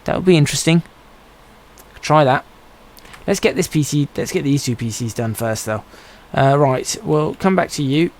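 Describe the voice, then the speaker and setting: A man's voice: a little high, normal speed, rough recording. Man musing aloud over gameplay. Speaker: gaming streamer. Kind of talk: casual gameplay commentary.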